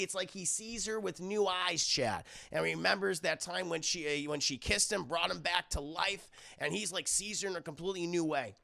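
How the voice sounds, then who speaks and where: A man talks a live chat through an anime episode in a loose, rambling recap. His voice sits high for a man, with a strong gravelly fry and a bright edge. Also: normal speed. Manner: rambling, fillers, addresses chat. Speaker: anime reviewer streaming live.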